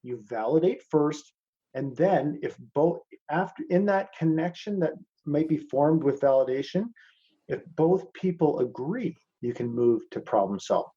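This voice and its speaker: A man's voice: a little high, animated, a little slow, dark tone, husky, muffled recording. A man teaching a masterclass in casual talk over a video call. He is blunt, swears freely and calls his listeners "man".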